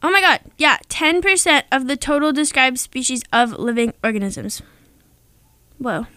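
A young woman co-hosting a radio show, chatting casually and gushing with excitement over the facts she shares. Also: high-pitched, normal speed, no echo. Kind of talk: casual on-air chat.

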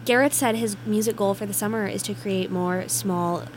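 A woman with a mid-range voice hosts a relaxed radio chat show. She reacts quickly and warmly to her co-host and introduces the songs. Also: mid-range voice, slight background noise.

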